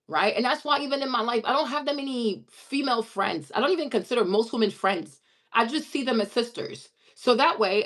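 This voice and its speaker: Brief: young woman, vlogger, blunt and emphatic, casual chat to camera. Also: mid-range voice. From immigrant who moved to the US as a child. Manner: blunt, emphatic, tags lines with "okay?" and "right?". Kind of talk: casual direct-to-camera talk.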